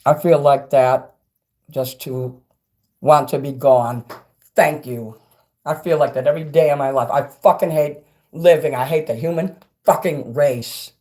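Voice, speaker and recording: A middle-aged man livestreaming and reading chat, ranting angrily and profanely, swinging between loud outbursts and quiet asides. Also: mid-range voice, steady tone, unhurried. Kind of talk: angry livestream rant.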